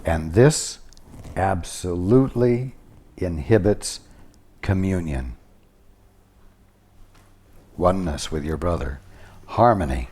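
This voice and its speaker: A man leads a spiritual teaching session in a deep, low voice. He speaks slowly and deliberately, letting long pauses sit between phrases, and his tone is mellow and warm. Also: breathy edge. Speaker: spiritual teacher channeling at a study group.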